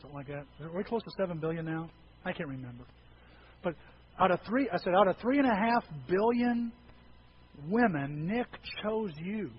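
Folksy preacher, high male voice. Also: lively intonation, moderate pace, dull audio, slight background noise. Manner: folksy storytelling with jokes. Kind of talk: humorous sermon.

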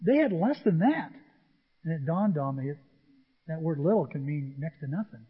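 High, husky-voiced preacher in a hall. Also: male voice, normal speed, phone-quality sound. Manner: animated storytelling with acted-out voices. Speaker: pastor. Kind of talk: sermon.

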